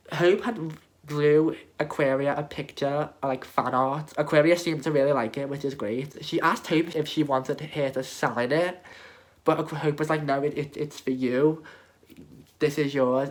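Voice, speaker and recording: A young man with a Scouse accent recounts a night out straight to camera in a casual vlog. His voice sits at an easy middle pitch, and he talks in a loose, chatty way with lots of fillers and asides. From England, Liverpool. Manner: chatty, animated, full of fillers. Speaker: vlogger. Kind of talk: casual storytelling rant to camera.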